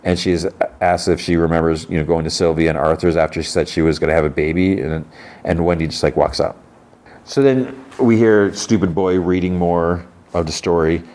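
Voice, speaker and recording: A man's voice: deep voice, normal speed, a little mellow. A man hosting a podcast, casually recapping a TV episode and retelling scenes with characters' lines. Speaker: podcast host.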